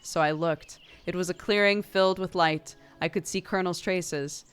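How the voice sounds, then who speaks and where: A woman's voice: fairly low pitch, steady tone, moderate pace, clean tone. A young woman streamer reading a narrative game aloud, breaking off for playful, laughing asides.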